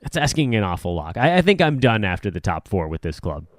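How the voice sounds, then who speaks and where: A middle-aged man hosts a casual sports podcast, his pitch rising and falling in a lively way as he rambles along. He pokes fun at himself, and his voice sits close and dry with no room sound. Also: fairly quick, no echo. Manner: lively, rambling, self-deprecating. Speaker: podcast host.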